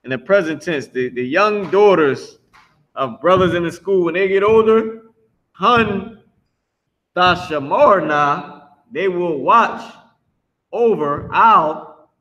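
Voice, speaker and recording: A man teaching a live online language class, drawing out drilled words slowly and talking bluntly. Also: high voice, a bit bright, dull audio. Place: Philadelphia.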